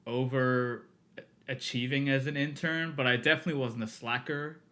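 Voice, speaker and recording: Speaking at a moderate pace in a medium-pitched voice, this thirty-something music producer is a podcast guest sharing stories casually. He's animated, laughs frequently, and acts out the quotes in his anecdotes during the interview.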